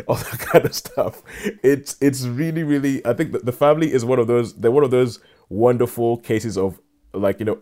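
A man's voice: medium pitch, warm tone. An enthusiastic man reviewing a film in casual chat, often restarting his sentences. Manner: enthusiastic, halting with many restarts.

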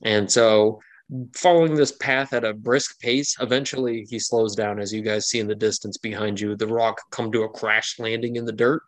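A man's voice: fairly low pitch, fairly even intonation, normal speed. A man narrating as game master of a tabletop game, rambling loosely with fillers.

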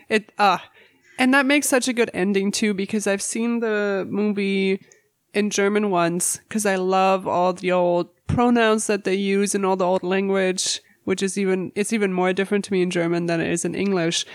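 A woman's voice: medium pitch, fairly even intonation, moderate pace, no echo, clean studio sound. A woman in casual chat who talks with enthusiasm and gushes about favorite scenes.

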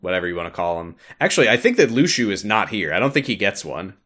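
Animated low-voiced male podcast host. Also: fast talker. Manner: animated storytelling with laughs. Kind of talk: casual podcast recap.

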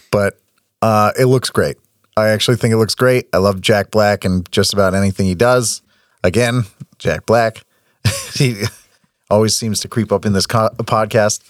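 A man's voice: on the low side, measured pace, no room sound, studio quality. A man chatting casually as a podcast co-host, laughing often and restarting his sentences. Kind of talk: casual chat.

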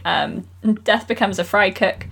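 A woman's voice: medium pitch, measured pace, creaky, breathy edge. A woman co-hosting a podcast, casually and thoughtfully talking through a book's ideas. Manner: thoughtful, relaxed, musing. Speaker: podcast co-host. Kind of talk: casual book club chat.

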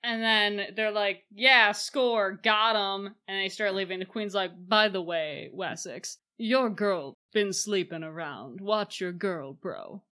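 A woman's voice: medium pitch, a bit bright. A woman co-hosting a podcast, chatting casually and playfully acting out characters as she recaps a movie. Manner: playful, acts out characters in quick asides. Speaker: podcast co-host. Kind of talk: casual chat recapping a film.

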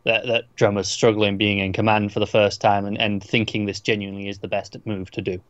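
Guy talking fast about a show, thinking out loud, muffled lo-fi mic. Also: on the low side, flat delivery, dry recording. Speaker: podcast co-host. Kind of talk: casual TV episode recap chat. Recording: dull lo-fi mic sound.

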